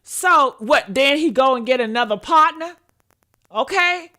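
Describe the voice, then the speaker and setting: A woman's voice: high voice, animated, unhurried, pushed and bright. A woman hosting a live stream, reacting to news clips and talking bluntly and profanely straight to her viewers. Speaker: host.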